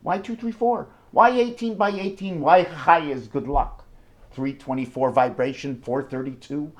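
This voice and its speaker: A man in a rambling monologue, jumping excitedly between numbers and firing off rhetorical questions. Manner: wide swings in pitch and loudness. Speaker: numerology video maker.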